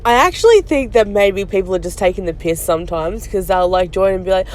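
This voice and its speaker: A woman's voice: mid-range voice, fairly quick, a little mellow. A woman hosting a podcast, giving snarky, mocking commentary on a streamer, with some swearing.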